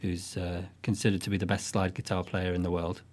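Low-voiced musician, halting. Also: male voice, flat delivery. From northwest England. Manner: thoughtful, halting, with restarts. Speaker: guest musician. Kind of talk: relaxed interview chat.

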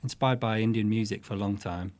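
Man, low voice, musician guest, halting and thoughtful. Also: fairly even intonation, darkish tone. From northwest England. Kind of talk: relaxed interview chat.

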